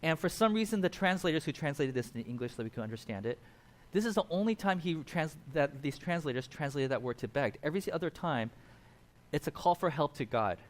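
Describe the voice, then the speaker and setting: A man preaching a sermon in a casual, animated storytelling way, acting out the people in the passage. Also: on the high side, brisk. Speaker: pastor.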